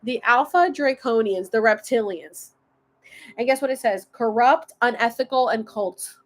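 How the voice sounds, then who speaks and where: A woman's voice: a little high, measured pace. A woman hosting a casual spiritual livestream, chatting and rambling, often losing her thread.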